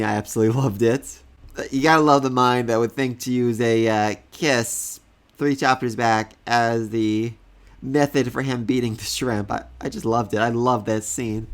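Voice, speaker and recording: A man talking through a comic chapter in a casual review. He is eager, laughs often and stumbles over repeated words when something delights him. His pitch sits in the ordinary middle range for a man. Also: a bit bright.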